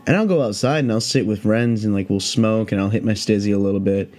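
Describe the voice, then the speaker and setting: Low, mellow-voiced man rambling on a podcast. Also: quick pace, soft background music. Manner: rambling, profane, heavy on "like" fillers. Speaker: podcast host. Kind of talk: casual solo podcast chat.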